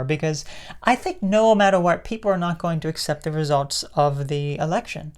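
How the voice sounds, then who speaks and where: A woman's voice: low-pitched, darkish tone. A woman giving her opinions in a casual vlog. She rambles, restarts her sentences often and laughs to herself. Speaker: political commentary vlogger.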